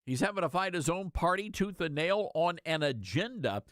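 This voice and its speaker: Guy hosting talk radio, sarcastic and worked up, bouncy pitch, dry studio sound. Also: moderate pace, no echo. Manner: animated, sarcastic, mocking falsetto asides. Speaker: radio talk show host.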